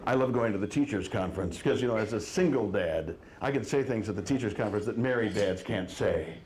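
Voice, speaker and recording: A man in his forties doing a stand-up comedy set, telling wry stories with quick quoted asides. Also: lowish voice, reverberant, noisy background. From Wisconsin. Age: 40s. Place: live comedy venue with audience.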